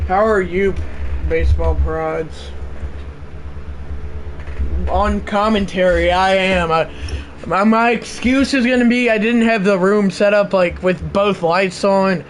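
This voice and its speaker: A man hosting a livestream, doing mock play-by-play of a football video game, bursting into loud excited calls between low offhand asides to his chat, in a room at home. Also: slow pace, pauses often, low-quality recording. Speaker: livestream host. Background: faint fan hum.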